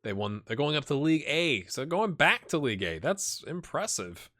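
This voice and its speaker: A man hosting a gaming channel, thinking aloud in casual commentary and talking straight to his virtual players. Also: normal speed. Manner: animated, jumps high when excited.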